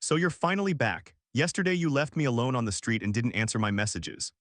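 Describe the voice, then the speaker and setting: A man's voice: mid-range voice, very animated, a little fast, fairly bright tone, dry recording, studio quality. A man reading a storybook, voicing a jealous young woman roommate who whines and pushes. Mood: reproachful. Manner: demanding, whiny, guilt-tripping.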